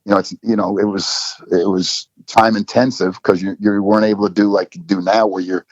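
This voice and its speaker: A man's voice: fairly low pitch, little pitch movement, a little fast, darkish tone. A middle-aged man, a football coach, telling stories in a casual interview with lots of "you know" fillers. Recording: dull lo-fi dry recording.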